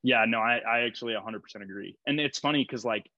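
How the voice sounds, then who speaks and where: A man's voice: medium pitch, fast talker, sharp tone, no echo, lo-fi sound. A young male strength coach talking casually in a podcast interview, rambling with lots of fillers and laughing easily.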